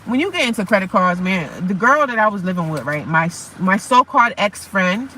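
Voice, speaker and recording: A woman's voice: medium pitch, animated, a little fast, bright, forceful tone, a little hiss or hum, low-quality recording. A woman vlogging casually from her parked car in the rain, chatty and repetitive, calling her viewers honey and baby. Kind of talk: casual chat to camera.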